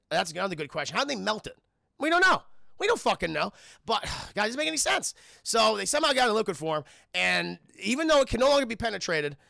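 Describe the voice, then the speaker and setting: Excitable, gravelly streamer man. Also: high-pitched, no echo, studio quality. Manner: profane, excitable, laughing, addresses chat. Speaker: streamer and film reviewer. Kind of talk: live-streamed spoiler film review.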